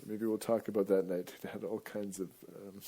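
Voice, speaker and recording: A man's voice: on the low side, flat delivery, normal speed. Playful man giving a rambling live talk. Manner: playful, jokey, chants loudly at times. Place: live event with an audience.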